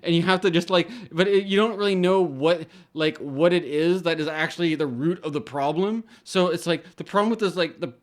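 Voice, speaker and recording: A man's voice: a little high, brisk, hardly any pauses. A man hosting an astrology channel, talking in a casual rambling monologue with many restarts and casual swearing.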